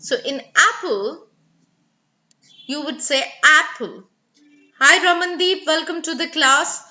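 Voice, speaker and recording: A woman teaches English pronunciation in a live online class, clearly enunciating sample words and coaxing students by name. Her voice is high, bright, and forceful, a little slow, and the recording sounds muffled.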